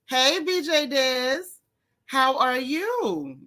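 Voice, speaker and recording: Bright-voiced chatty woman livestream host. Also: high voice, very slow. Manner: lively, chatty, Southern Black American slang. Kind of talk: casual livestream chat greeting viewers.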